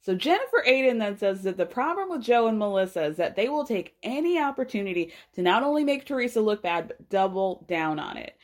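A woman's voice: mid-range voice, sing-song, a little fast, few pauses. A woman hosting a podcast, giving a casual, blunt and sarcastic recap of a reality show, swearing freely. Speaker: podcast host.

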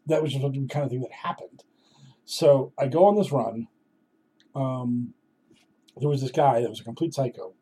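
A man's voice: medium pitch, mellow, husky. A man in his thirties telling a casual personal story in a wry, self-deprecating way.

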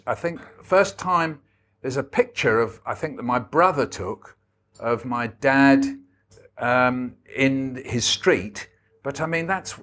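An older man talks through his memories at a book event. His delivery is wry and anecdotal, unhurried, sitting at an ordinary middle pitch. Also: a bit bright. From England. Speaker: author guest. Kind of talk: storytelling book talk.

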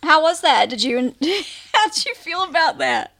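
A woman's voice: sits high, big pitch swings, unhurried, fairly bright tone. A woman co-hosting a podcast in casual chat, giggly and swearing freely. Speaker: podcast co-host.

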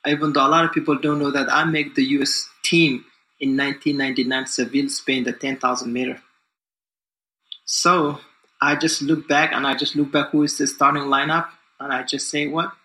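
Upbeat, confident man with a bright voice. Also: medium pitch, little pitch movement, moderate pace. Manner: confident and upbeat, loose and rambling with many fillers. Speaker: guest, distance runner. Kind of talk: casual interview talk. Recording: echoey room.

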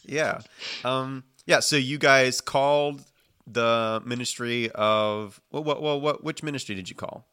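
A man's voice: medium pitch, steady tone, measured pace, sharp tone, clean tone, no room sound, clean studio sound. A man running a casual tabletop game as game master, joking, laughing often, and hesitating with fillers.

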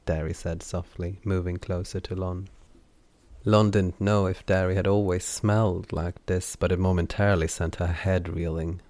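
A man reading a fantasy novel aloud in measured, scripted narration. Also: low voice, flat delivery, darkish tone, no echo. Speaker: audiobook narrator.

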